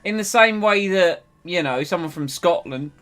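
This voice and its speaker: This is an English man streaming a video game and chatting casually, animated and quick to laugh. His voice sits a little high and jumps around a lot in pitch. Quiet game music plays behind him.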